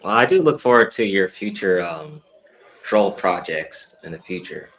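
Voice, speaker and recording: Deep gravelly man hosting a stream. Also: animated, moderate pace, a bit bright. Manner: dry, wry reactions. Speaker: stream host. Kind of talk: casual livestream chat.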